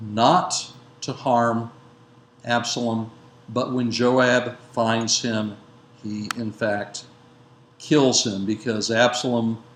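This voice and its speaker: A male lecturer walks through an old narrative at an unhurried pace, pausing on fillers and correcting himself as he goes. His voice sits in a mid register. The recording has a roomy echo with a faint hiss of background noise. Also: medium pitch. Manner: measured, with frequent fillers and self-corrections. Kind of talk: lecture retelling a biblical narrative.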